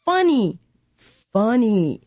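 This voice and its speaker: A woman's voice: a little high, very animated, very slow, darkish tone, dry recording, clean studio sound. A woman, a coffee shop owner who speaks as a guest in a casual interview chat and acts out customers and her son as she tells stories. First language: French.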